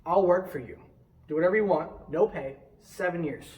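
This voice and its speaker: An eager young man head over heels in love, put on by a man telling the story, pushing his case with breezy, overdone enthusiasm. The voice sits fairly high and sounds picked up from some distance off. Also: moderate pace, darkish tone, natural voice. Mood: pleading eagerly.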